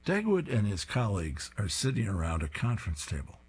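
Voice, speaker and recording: A man's voice: on the low side, wildly swooping pitch, fairly quick, breathy edge. A man reading comic strips aloud, describing each panel in an amused way.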